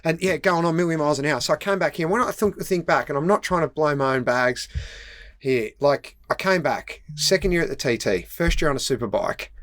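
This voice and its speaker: Aussie bloke, middle-aged, yarning away on a podcast, laughing a lot and doing the voices, sounds close and dry. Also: male voice, a little high, a little fast, dry recording. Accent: Australian. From Australia. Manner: animated, laughing, acts out voices in his stories. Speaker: podcast guest, retired road racer. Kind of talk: casual storytelling. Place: outdoors in a busy race paddock.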